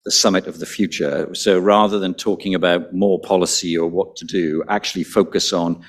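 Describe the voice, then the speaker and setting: A man leads a panel discussion in a very deep voice. He speaks thoughtfully and often doubles a word at the start of a phrase before going on. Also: steady tone, moderate pace. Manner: thoughtful, repeats words when starting sentences. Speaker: panel moderator.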